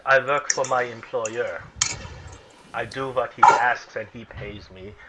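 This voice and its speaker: A man voicing a captive male doppelganger mercenary, speaking low, quiet and measured. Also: steady tone, heavy background noise, lightly acted. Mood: flat.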